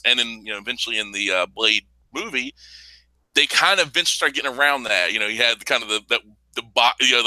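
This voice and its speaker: A man's voice: medium pitch, pushed and bright, dry recording, low-quality recording. A man co-hosting a casual comics chat, rambling and profane, with bursts of laughter. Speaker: podcast co-host.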